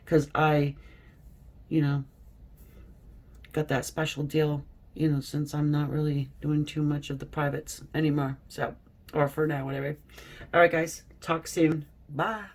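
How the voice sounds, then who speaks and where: A woman giving a casual tarot reading, reading card texts aloud slowly with chatty asides to her viewers. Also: low-pitched, little pitch movement, darkish tone. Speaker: tarot reader.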